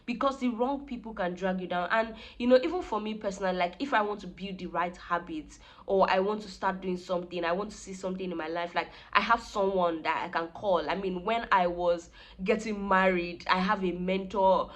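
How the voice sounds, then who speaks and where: An earnest young woman speaks straight to her viewers in a relaxed, reflective vlog. Her voice sits at an ordinary middle pitch, and she sounds sincere and heartfelt. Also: a little fast. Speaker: vlogger. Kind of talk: casual reflective talk to camera.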